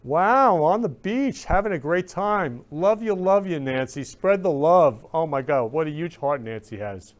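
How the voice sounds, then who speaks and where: A man's voice: a little high, animated, moderate pace, few pauses. A male talk-show host in live-stream chat, effusive and emotional, repeating loving greetings over and over. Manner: emotional, gushing.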